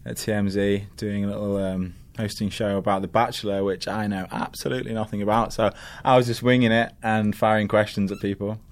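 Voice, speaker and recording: A man's voice: on the low side, little pitch movement, fairly quick, few pauses. A man with a Northern English accent, a guest in casual chat, laid-back and self-deprecating. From northern England.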